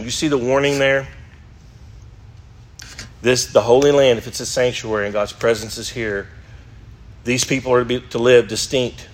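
A man teaching an adult Bible class at a moderate, middle pitch. He reads scripture passages aloud and keeps turning to the class with questions. He sounds middle-aged. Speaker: Sunday school teacher.

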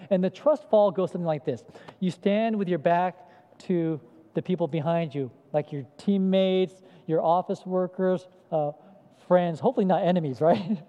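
A high-pitched man preaches with a dark, mellow tone, talking through the passage and asking his congregation questions. The recording is dull and lo-fi, with a long reverb from a large church hall. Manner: conversational, asks the congregation questions. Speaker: pastor. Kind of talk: sermon. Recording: echoey hall, dull lo-fi sound.

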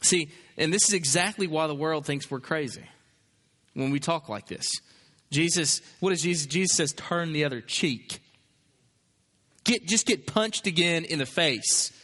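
Bright-voiced preacher man in a reverberant hall. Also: high-pitched. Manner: emphatic preaching with repeated phrases and rhetorical questions. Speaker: pastor. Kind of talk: sermon.

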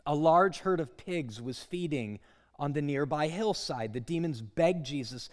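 A male guest preacher, likely in his thirties or forties, giving a dramatic sermon in a church that swings from hushed lines to loud ones. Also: fairly high pitch, moderate pace. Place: church sanctuary. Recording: long hall reverb.

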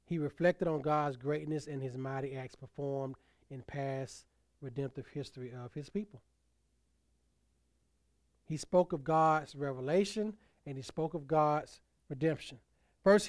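A man's voice: a little high, no room sound. Preaching man with a dry, close voice. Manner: preaching with rising emphasis and soft, trailing phrase endings. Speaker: pastor. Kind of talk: sermon.

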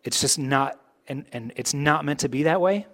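A man preaching a sermon with a fairly high voice. He talks conversationally, pushing hard on his main points, then dropping into quiet, low asides. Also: moderate pace. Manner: conversational preaching, swings between loud emphasis and soft, low asides. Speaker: pastor.

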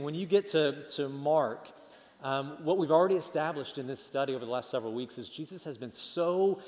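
Brief: lively male pastor, slightly high voice, sermon with long church hall reverb. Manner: animated, leads call-and-response with the congregation.

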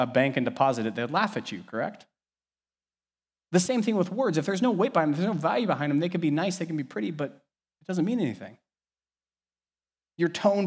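A man preaching a sermon as pastor, animated and conversational, swinging between soft asides and loud emphasis. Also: fairly high pitch. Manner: animated, varies loudness widely, conversational asides.

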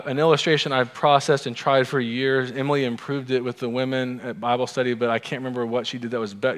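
A man's voice: medium pitch, fairly bright tone. Guy pastor giving a chatty sermon, lots of questions to the crowd, long hall echo. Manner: conversational, asks the audience many questions.

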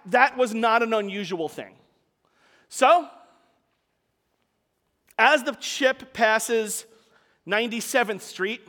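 A man's voice: very high voice, fairly bright tone, in a large hall. A man preaching a sermon, telling a story in a conversational way with casual asides to the congregation.

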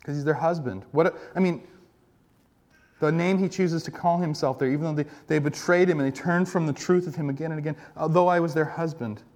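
A man preaching a sermon as a pastor, telling the stories in a conversational, animated way. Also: a little high, fairly quick.

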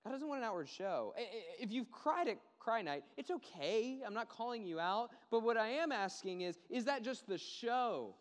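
A man preaching a sermon, earnest and emphatic, repeating words and dropping low and quiet to stress a point. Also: very animated, normal speed, hardly any pauses. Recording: long hall reverb.

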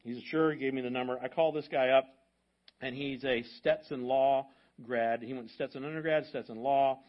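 A male pastor telling a story in a sermon, in a conversational way that moves between hushed and loud. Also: medium pitch, fairly even intonation, moderate pace, lo-fi sound. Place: church sanctuary.

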